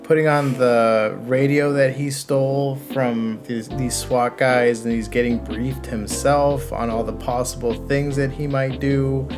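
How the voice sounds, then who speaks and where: Very low-voiced woman chatting films. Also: fairly even intonation, a little slow, few pauses, music in the background. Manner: laughs often, rambling. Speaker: co-host reviewing a film. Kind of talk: casual chat.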